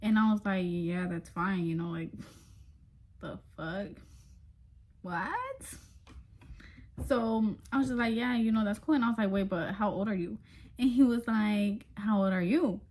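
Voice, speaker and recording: A woman's voice: mid-range voice, moderate pace, darkish tone. A young adult woman telling a story in a casual vlog, chatty and frank, swearing freely, laughing between lines and talking straight to her viewers. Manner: addresses viewers directly as y'all. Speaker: vlogger.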